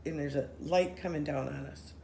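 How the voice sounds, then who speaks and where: A woman telling a story in casual chat with friends, animated, running her sentences together and acting out what people said. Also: deep voice, moderate pace, gravelly. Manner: animated, acts out quoted voices, run-on sentences. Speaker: storyteller recounting a paranormal experience. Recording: roomy echo with faint noise.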